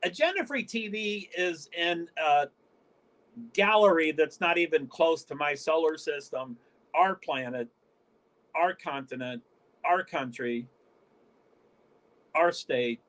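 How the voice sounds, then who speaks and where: A man from the northeastern US hosts his own livestream, chatting casually in a rambling, stop-start way and often breaking off mid-sentence. His voice is on the high side and a bit bright.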